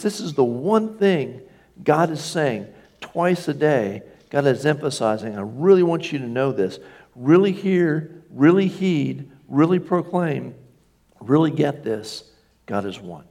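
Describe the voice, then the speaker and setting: A man's voice: medium pitch, darkish tone. A man preaching a sermon in a church, emphatic, lifting his voice on key phrases and asking the congregation for agreement. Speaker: pastor.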